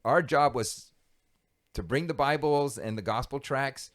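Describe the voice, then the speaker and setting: A man telling a story from his past as a podcast guest, animated and quick to laugh. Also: medium pitch. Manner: animated, lively storyteller who laughs easily. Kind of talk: conversational storytelling.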